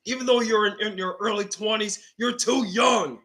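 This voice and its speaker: A man putting on a slow, firm voice for an old grandfather turning down his grandson. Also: high-pitched, pushed and bright, voice pushed up. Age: older.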